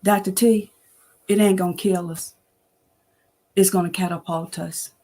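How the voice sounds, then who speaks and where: A woman's voice: mid-range voice, steady tone, a little slow, dark tone. A woman in her sixties giving a preachy, familiar faith talk on a livestream, greeting viewers by name and laughing often. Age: 60s. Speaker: host of an online inspirational show.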